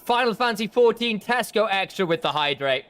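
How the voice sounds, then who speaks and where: A man's voice: high-pitched, lively intonation, fairly quick, a bit bright, soft background music. A man streaming a game, chatting loosely and joking. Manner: jokey, rambling, laughs often. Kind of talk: casual gameplay stream chat.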